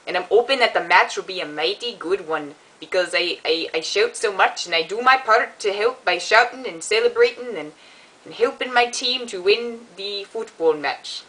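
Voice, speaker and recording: A woman voicing an elderly Welsh woman who is a football fan, hoarse from shouting, in a Welsh accent. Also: mid-range voice, close to an everyday voice, rough recording. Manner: loud, cheering.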